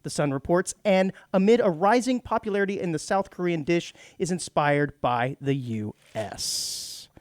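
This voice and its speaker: A man's voice: sits high, lively intonation, moderate pace, few pauses. A man co-hosting a radio talk show, reading news items and trading dry, teasing quips in casual chat. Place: radio studio.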